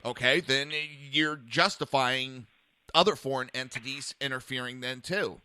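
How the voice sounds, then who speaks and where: A man's voice: medium pitch, moderate pace, sharp tone, clear, resonant tone, no room sound. A man hosting a political talk radio show, blunt and profane, often stumbling and restarting his sentences.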